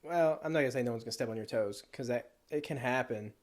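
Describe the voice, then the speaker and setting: A man's voice: medium pitch, quick pace. A man hosting a podcast, chatting casually and agreeing often with short replies. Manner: relaxed, agreeing, with short backchannels. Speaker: podcast host.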